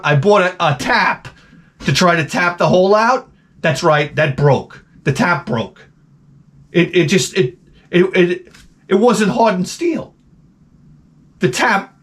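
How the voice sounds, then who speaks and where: A man telling a story in a casual vlog rant, animated and profane with many restarts. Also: on the high side. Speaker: vlogger.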